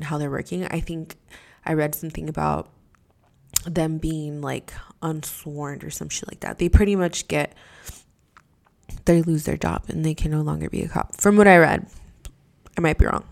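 A woman's voice: low-pitched, gravelly. A young woman from Mexico hosting a podcast, telling a story casually, exasperated and profane, with lots of fillers and drops into a whisper. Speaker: podcast host.

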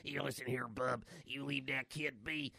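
A man voicing a gruff, older male brawler in a low, quiet growl while retelling a comic. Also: steady tone, moderate pace, dry recording, clean studio sound.

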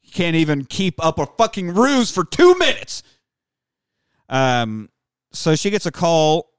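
A man casually recapping a film in animated, jokey, profane storytelling. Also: fairly high pitch, measured pace, smooth, no room sound, studio quality.

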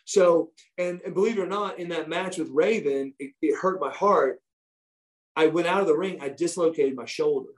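Man with a slightly high voice, telling stories. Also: moderate pace. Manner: swears freely, reenacts others' lines in his own telling. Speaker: former wrestler telling stories as a guest. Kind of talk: casual storytelling chat.

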